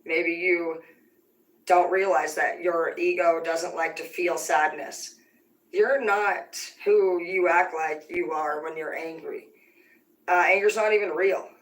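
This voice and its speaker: A woman's voice: fairly low pitch, fairly bright tone. A woman livestreaming a rambling, confrontational rant full of swearing. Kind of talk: live-stream rant to viewers. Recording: roomy sound, distant from mic.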